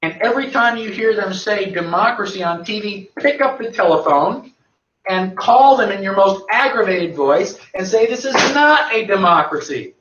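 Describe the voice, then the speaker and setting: A man lectures emphatically, answering his own rhetorical questions in a fairly high voice. The recording sounds dull and lo-fi, picked up from a distance in a reverberant room. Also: animated, normal speed, fairly bright tone, a little hiss or hum. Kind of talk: lecture to a live audience.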